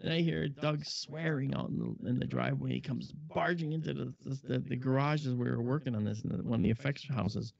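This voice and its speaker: A man guest on a talk show, a film model maker, telling chatty, animated anecdotes full of asides. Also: mid-range voice, a little fast, gravelly, hardly any pauses, no echo. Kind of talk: anecdotal storytelling. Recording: dull lo-fi audio.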